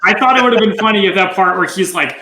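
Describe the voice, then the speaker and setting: Higher-voiced male host in a roomy space. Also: quick pace, crowd noise. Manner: runs the segments, apologetic asides. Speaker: podcast co-host. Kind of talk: casual podcast chat. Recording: roomy echo.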